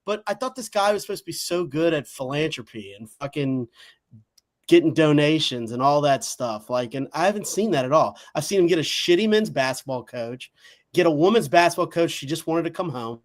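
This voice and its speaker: A man's voice: a little high, expressive, fairly quick. A man co-hosting a sports talk show, talking in a crude, blunt, mocking way. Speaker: podcast co-host.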